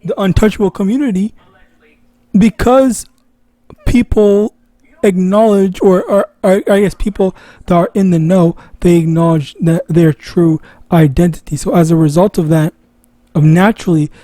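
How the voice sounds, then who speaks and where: Mellow-voiced man giving a rambling lesson. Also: high-pitched, steady tone, normal speed, dry recording. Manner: rambling, self-correcting. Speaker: online Bible teacher. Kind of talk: casual religious lesson.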